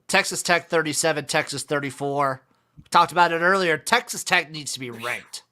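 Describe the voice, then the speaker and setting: A man hosting a casual sports podcast, running through scores with wry, deadpan remarks. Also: fairly high pitch, moderate pace. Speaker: podcast host.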